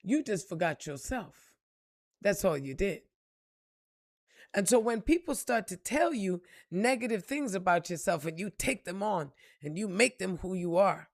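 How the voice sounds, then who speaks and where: A woman delivers a motivational spiritual monologue with blunt, profane emphasis. She keeps asking her listeners rhetorical questions, in a middle pitch. The recording is dry and close. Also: expressive, moderate pace, no room sound. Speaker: spiritual reader and motivational speaker.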